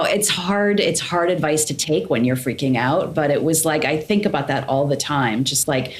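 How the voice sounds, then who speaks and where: A woman answering as a podcast guest in casual chat, sarcastic and quick to laugh. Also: low-pitched.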